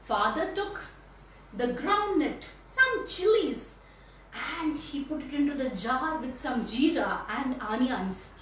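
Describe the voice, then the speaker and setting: A woman storyteller narrating a children's story in an animated, playful way, with an Indian English accent. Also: sits high, takes it slowly, a little hiss or hum. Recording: echoey room from a distance.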